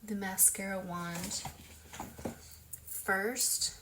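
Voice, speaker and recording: A woman's voice: medium pitch, steady tone, very slow, noisy background. Chatty woman giving a lash tutorial. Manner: chatty, loose, full of "like" and "um". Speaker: beauty vlogger. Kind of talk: casual makeup tutorial.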